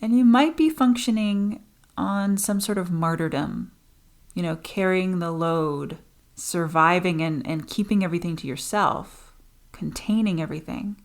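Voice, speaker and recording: A woman's voice: lowish voice, unhurried. A woman voice coach hosting a teaching podcast, talking straight to her listeners and changing her pace for emphasis. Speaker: voice and speaking coach.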